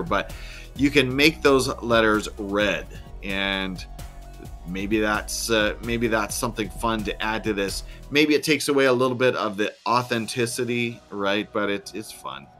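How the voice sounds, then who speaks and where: A man, a teacher, narrating a screen-recorded software tutorial in a chatty, step-by-step way with dry little asides. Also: lowish voice.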